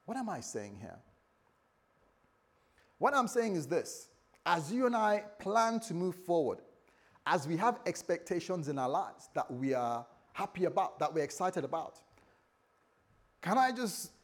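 Husky British pastor preaching. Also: male voice, sits high, very animated, a little slow, long pauses. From Britain. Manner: conversational, humorous, swings from hushed to loud. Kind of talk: sermon. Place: church.

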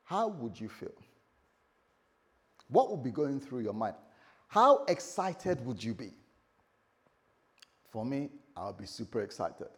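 A man preaching a lively sermon, acting out voices and laughing as he tells the story. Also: mid-range voice, slow pace, pauses often. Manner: animated storytelling, acts out voices, laughs often. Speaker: pastor.

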